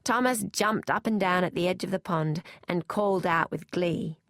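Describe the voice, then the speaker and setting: A woman narrating a novel aloud in first person, in a measured, even manner. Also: lowish voice, dry recording, clean studio sound. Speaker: audiobook narrator.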